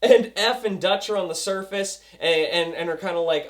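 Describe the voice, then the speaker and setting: Excitable young man reviewing a TV show. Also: high-pitched, moderate pace. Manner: excitable, acts out scenes with sound effects. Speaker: TV episode reviewer. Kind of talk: casual video review.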